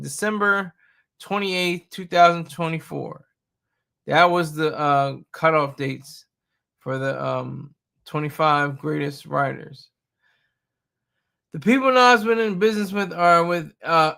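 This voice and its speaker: Gravelly guy streaming, blunt and rambly, kinda high voice. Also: sharp tone. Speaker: streamer host. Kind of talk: casual live-stream commentary.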